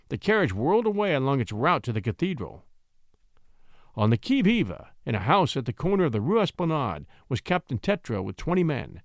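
A man narrating a classic story with dramatic, expressive storytelling. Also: medium pitch, no echo, clean studio sound.

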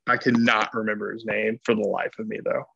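A man's voice: fairly low pitch, level tone, a little fast, vocal fry, bright, forceful tone, slightly rough, highs cut off. A man co-hosting a casual sports podcast, rambling and restarting often, laughing easily. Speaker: podcast co-host, former player.

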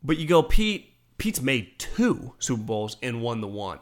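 Animated man in casual sports talk. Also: mid-range voice, moderate pace. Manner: animated, swearing, acts out quotes. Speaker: sports talk show host.

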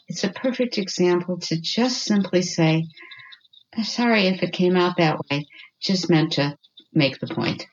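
A woman's voice: medium pitch, highs cut off. A woman guest on a podcast giving parenting advice in an earnest, reassuring way, often checking in with "okay?". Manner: earnest, reassuring, tags points with "okay?" and "you know what?".

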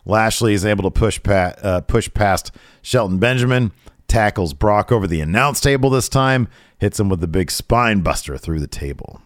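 A man's voice: on the low side, lively intonation, normal speed, no room sound, studio quality. A man co-hosting a podcast, talking in an easygoing way with loose slang. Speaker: podcast co-host. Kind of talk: casual chat.

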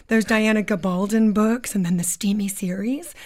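A woman comedian, a guest in a radio studio, trading playful quick banter. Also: mid-range voice, fairly even intonation, darkish tone. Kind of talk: radio interview chat. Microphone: studio microphone.

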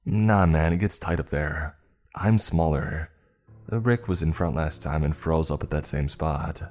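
Man doing a cool, steady young boy. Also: very deep voice, measured pace. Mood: reassuring. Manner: casual, reassuring. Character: small, steady boy leading the crawl.

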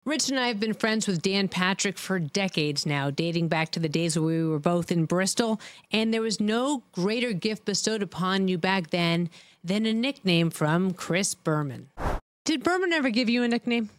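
A woman's voice: mid-range voice, animated, moderate pace. A woman co-hosting a casual podcast, teasing her guest. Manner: laughs often, teasing. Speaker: co-host.

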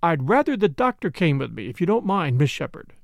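A man's voice: fairly high pitch, very animated, brisk, vocal fry, no echo, studio quality. A man voicing an earnest, defiant young woman who pleads insistently in an audiobook reading.

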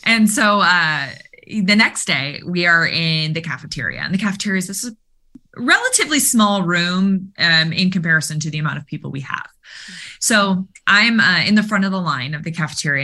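A woman coach telling a story in conversation, animated and full of fillers, acting out the dialogue she quotes. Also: sits low, a little fast. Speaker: guest, mental performance coach for baseball players.

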